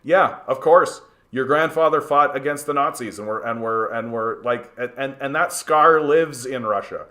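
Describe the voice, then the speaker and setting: A man's voice: medium pitch, moderate pace, few pauses, bright, forceful tone. A man hosting a political livestream. He talks heatedly and swears freely, stammering through many restarts as he answers chat. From Canada. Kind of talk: livestream commentary reading chat.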